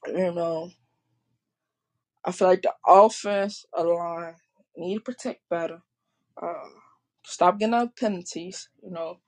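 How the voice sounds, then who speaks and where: Gravelly-voiced woman podcast host, rambly sports chat, lots of ums and restarts, says sorry for cussing. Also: fairly low pitch, a little mellow. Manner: rambling, full of fillers and self-corrections; apologizes for swearing. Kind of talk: casual sports talk.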